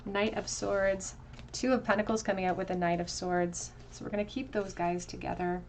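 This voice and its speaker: A woman's voice: mid-range voice, level tone, normal speed, a little hiss or hum. Woman musing through a tarot reading. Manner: musing, talks through card meanings with soft fillers. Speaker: tarot reader. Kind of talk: tarot pick-a-card reading.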